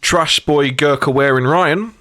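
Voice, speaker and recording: A man's voice: mid-range voice, a little slow, a bit bright, dry recording, clean studio sound. A young British man hosting a casual podcast with friends, laughing often and telling stories. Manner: laughs often, rambling storyteller. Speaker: podcast host.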